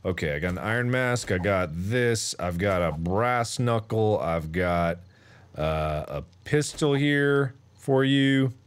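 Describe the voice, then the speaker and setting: A man in his thirties streaming a game, bantering and teasing his co-player with loud outbursts. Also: on the low side, expressive, slow pace, clean tone. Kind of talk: casual gaming banter.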